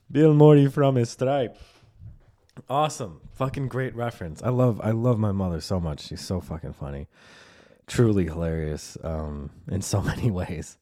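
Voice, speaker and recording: A man's voice: sits low, unhurried, dark tone. A man hosting his own podcast, talking alone in a rambling, loose way, swearing and laughing often. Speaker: podcast host. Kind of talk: casual solo podcast monologue.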